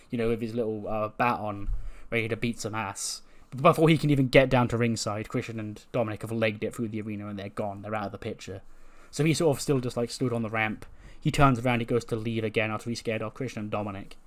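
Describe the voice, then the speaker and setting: Laid-back guy recapping a game. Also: mid-range voice. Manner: relaxed, rambling, loose slang. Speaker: let's-play host. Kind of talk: casual game recap narration.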